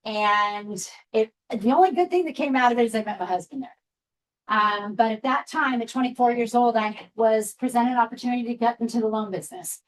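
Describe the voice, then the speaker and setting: A woman's voice: a little high, brisk, rough recording. A woman in her fifties from Seattle, telling a candid personal story to a group as guest speaker, with frequent asides. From Seattle, USA. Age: 50s.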